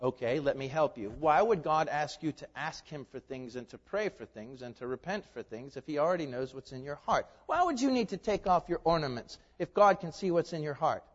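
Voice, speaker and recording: Male pastor, high voice, preaching with loud peaks and hushed asides, muffled lo-fi sound. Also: animated, brisk, few pauses. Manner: asks the audience rhetorical questions, swings from loud emphasis to hushed asides. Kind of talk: expository sermon. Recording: reverberant hall, dull lo-fi sound.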